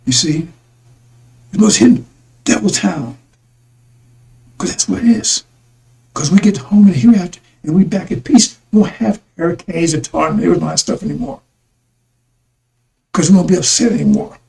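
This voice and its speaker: Gravelly high-voiced man preaching. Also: moderate pace, pauses often, a little mellow, rough recording. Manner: repetitive, addresses listeners as brothers and sisters. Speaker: religious broadcaster. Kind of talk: rambling religious talk.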